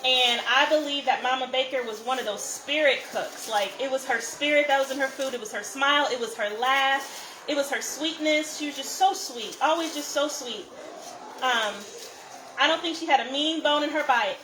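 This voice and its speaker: A woman's voice: sits high, moderate pace, sharp tone, reverberant, a little hiss or hum, rough recording. A woman hosting a live cook-along, chatting with viewers and greeting them by name while she cooks, recorded on a phone in a kitchen. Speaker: cooking show host.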